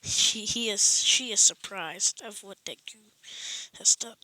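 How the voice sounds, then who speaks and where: A woman's voice: mid-range voice, slow pace, bright, forceful tone, low-quality recording. A woman casually improvising a fan story, rambling with many restarts and self-corrections.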